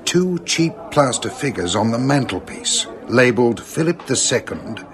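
An actor playing a brisk, matter-of-fact police inspector in a radio drama. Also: male voice, medium pitch, big pitch swings, a crowd in the background. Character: brisk male Scotland Yard inspector. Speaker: police detective.

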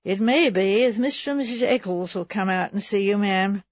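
Brief: woman playing a colloquial, apologetic country police sergeant, husky. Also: medium pitch, moderate pace, no echo, lightly acted. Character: plain-spoken village police sergeant, male. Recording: slightly dull recording.

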